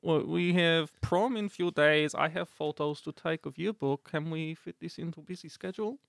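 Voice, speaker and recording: Man doing a self-important schoolgirl reporter, put-on accent, clipped, gravelly, dry. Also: mid-range voice, normal speed, dry recording, natural voice. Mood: haughty. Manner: clipped speech dropping articles, put-on accent.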